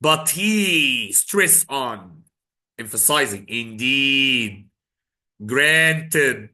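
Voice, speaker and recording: A man's voice: medium pitch, expressive, extremely slow, bright, forceful tone. A man teaching an exam prep lesson in English, dropping Arabic phrases in and repeating his key points for emphasis.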